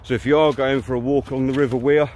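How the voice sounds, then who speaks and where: A man chats to camera on a countryside riverside walk. His voice is mid-pitched, blunt and casual, with a faint background hiss of the outdoors. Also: fairly even intonation, fast talker, darkish tone. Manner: chatty, blunt, swears freely. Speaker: hiking vlogger. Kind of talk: casual walking vlog monologue.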